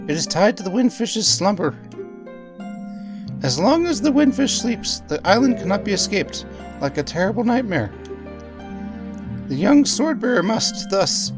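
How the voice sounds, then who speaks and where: A man voicing a wise, long-winded owl who hoots and talks in grand, mysterious terms. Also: high voice. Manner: hooting, grand and mystifying.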